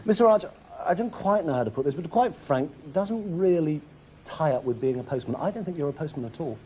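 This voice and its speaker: A man's voice: fairly high pitch, animated, a little mellow, a little hiss or hum, natural voice. A man playing a prim tax official. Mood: dry. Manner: dry, deliberate questioning.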